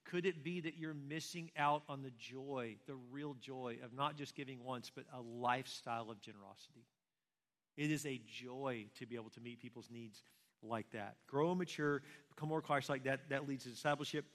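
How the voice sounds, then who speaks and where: A man's voice: medium pitch, normal speed, a bit bright. A man preaching a sermon as pastor, conversational and full of rhetorical questions. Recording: long reverb of a large hall.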